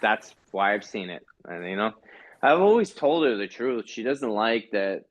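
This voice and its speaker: Slow, halting man with a low, dull-sounding voice. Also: big pitch swings. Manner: halting, many fillers and restarts. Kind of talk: casual chat.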